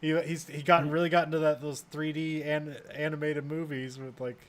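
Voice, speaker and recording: A man's voice: a little high, flat delivery, normal speed. A man co-hosting a podcast, telling stories in a laughing, irreverent way. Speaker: podcast co-host. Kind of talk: casual chat.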